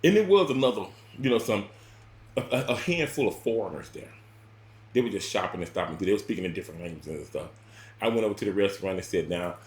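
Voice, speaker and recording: A man telling a personal story in casual spoken style, rambling and repeating words, with sudden loud bursts and quiet drops. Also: on the low side, animated, fast talker, roomy sound.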